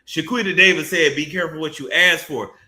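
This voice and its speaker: A man hosting celebrity gossip commentary, talking in a profane, mocking way with sudden bursts of shouting. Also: a little high, fairly quick. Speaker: commentary host. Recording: echoey room.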